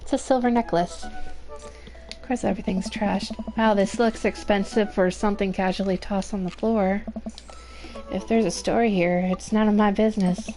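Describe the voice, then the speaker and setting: A woman's voice: mid-range voice, fairly even intonation, moderate pace, a little mellow. A young woman reading a visual novel aloud, with chatty asides and giggles, over game music. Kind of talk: narrating a game playthrough.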